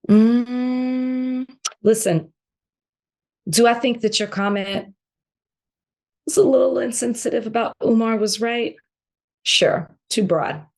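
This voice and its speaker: A passionate woman in her thirties co-hosting a podcast. She speaks with indignant conviction, and her voice sits a little high. She often restarts and repeats her phrases as she presses her point. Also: slow pace, pauses often. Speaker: podcast co-host. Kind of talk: heated casual chat.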